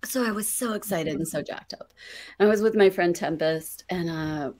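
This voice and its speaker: A woman guest on a podcast telling a story in a casual, excitable way, laughing often and using lots of fillers. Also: on the low side, moderate pace.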